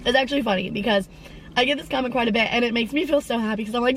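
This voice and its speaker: A woman's voice: fairly high pitch, very fast, fairly bright tone, slight background noise, low-quality recording. A young woman of about twenty hosting her own podcast, in a casual, rambling chat full of tangents and fillers. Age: around 20. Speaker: podcast host.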